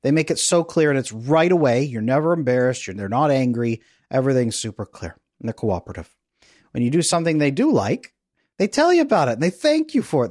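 A middle-aged man, a relationship coach, talking as a podcast guest in a lively, playful, guiding way. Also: mid-range voice, fast talker, dry recording, clean studio sound. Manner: energetic, playful, guides listener through an exercise. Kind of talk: conversational interview.

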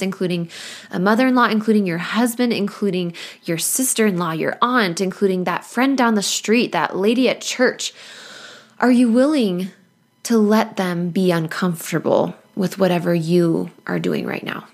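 Woman coach talking on her podcast, earnest and encouraging, laughs a lot, mid pitch. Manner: earnest and encouraging, laughs often, playful asides. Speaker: life coach and podcast host. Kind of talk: motivational podcast monologue.

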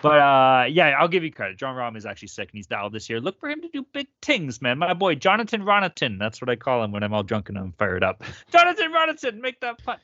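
A man co-hosting a sports betting podcast, talking loud, profane and hyped-up. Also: medium pitch, sing-song, fast, hardly any pauses, dry recording, dull audio. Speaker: podcast co-host.

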